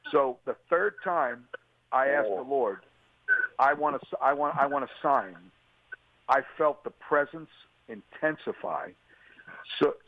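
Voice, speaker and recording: A man's voice: medium pitch, no room sound. A man, an interview guest, giving an earnest and emotional personal testimony on a radio call. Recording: tinny phone line, dry.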